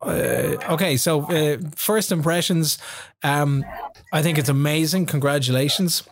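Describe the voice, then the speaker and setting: A man's voice: on the high side, steady tone, unhurried. A man hosting a casual sports podcast, chatty, with many fillers and restarts. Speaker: podcast host.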